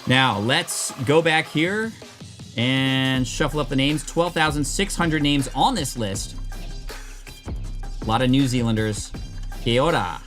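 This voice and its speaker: Upbeat male streamer, casual chat, mid-pitched voice, faint music behind. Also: slow pace, a bit bright. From United States. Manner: upbeat, chatty, reads chat aloud. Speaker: streamer opening card packs.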